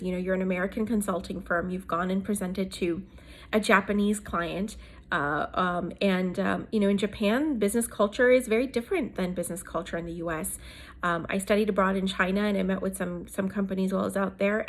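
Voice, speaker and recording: Woman, 30s, from South Asia, reflective solo talk, hesitant fillers, mid pitch. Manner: thoughtful, many fillers and restarts. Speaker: host. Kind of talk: casual talk on leadership.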